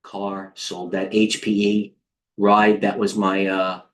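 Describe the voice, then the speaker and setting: A man with a slightly low voice and an American accent, talking through the market live as a trading coach. He rambles and jumps between stock symbols, getting excitable and chatty as he goes. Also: slow pace.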